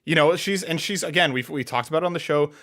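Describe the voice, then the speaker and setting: A man's voice: on the high side, fast, a bit bright. A man co-hosting a casual podcast in an upbeat way, reading listener questions aloud and answering them. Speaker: podcast co-host.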